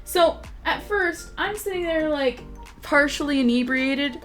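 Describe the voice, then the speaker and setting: A woman's voice: high-pitched, animated, unhurried, soft background music. Chatty young woman telling a funny story. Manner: laughing, swearing, rambling anecdote. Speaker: vlogger. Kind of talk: casual storytelling.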